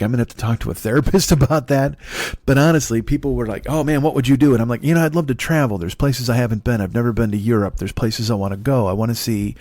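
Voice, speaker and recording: A man in his forties rambles through a solo podcast monologue in a low voice, cursing casually and laughing at his own failings. The sound is close and dry, with no room around it. He wanders from thought to thought in a loose, confessional way. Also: a little mellow, no echo. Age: 40s. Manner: profane, self-deprecating, meandering. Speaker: comedian podcast host. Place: dark apartment.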